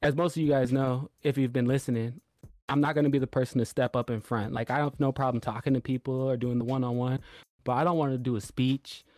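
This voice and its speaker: A man's voice: mid-range voice, fairly even intonation, fast, a little mellow, dry recording. Podcast co-host, male, easygoing storyteller, dry close sound. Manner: laid-back storytelling, retelling quotes. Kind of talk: casual chat.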